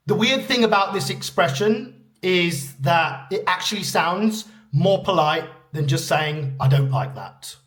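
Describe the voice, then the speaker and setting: A man's voice: sits high, animated, a little slow, few pauses, a bit bright. A man teaching phrases to camera, acting out the examples in exaggerated tones. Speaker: English teacher. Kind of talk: scripted lesson to camera.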